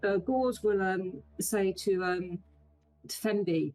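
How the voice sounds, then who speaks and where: A player in a tabletop game, talking in a hesitant, halting way with many fillers. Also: mid-range voice, darkish tone, low-quality recording. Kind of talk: casual tabletop play.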